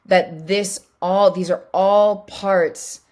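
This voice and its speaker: A woman's voice: mid-range voice, fairly even intonation, drawn-out words, darkish tone. A woman hosting a solo podcast, talking earnestly and emphatically in a casual way that includes swearing, and repeating her key phrases for weight. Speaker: podcast host.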